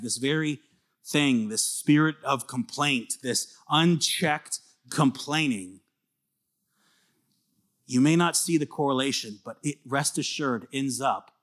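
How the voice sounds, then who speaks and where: A man preaching a sermon as pastor, earnest and conversational, swinging from emphatic bursts to soft confiding asides. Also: mid-range voice.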